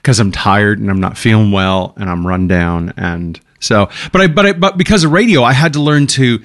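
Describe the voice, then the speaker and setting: A man's voice: fairly low pitch, lively intonation, normal speed, fairly bright tone. A man co-hosting a radio show while sick with a cold, rambling through his stories with restarts. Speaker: radio co-host. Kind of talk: casual chat.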